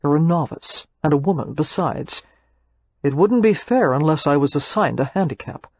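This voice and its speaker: A woman's voice: low voice, animated, normal speed, darkish tone, slightly rough, dry recording, highs cut off, exaggerated voice. A woman narrator voicing an arrogant, ruthless young businessman who speaks in a superior, brusque way.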